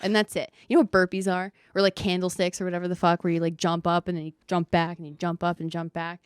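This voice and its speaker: A woman's voice: fairly low pitch, flat delivery, fast talker, clear, resonant tone, dry recording, studio quality. A woman podcast host rambling through a sarcastic comedic monologue and swearing freely.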